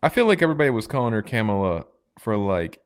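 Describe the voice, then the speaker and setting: With a mid-range voice, a man co-hosting a podcast talks rapid-fire in a sing-song way. It's casual, rambling chat with many fillers and restarts.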